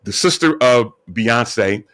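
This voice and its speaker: A man hosting an online radio talk show, chatty and upbeat, giving shout-outs to guests and listeners. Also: mid-range voice, animated, takes it slowly, a crowd in the background. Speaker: host.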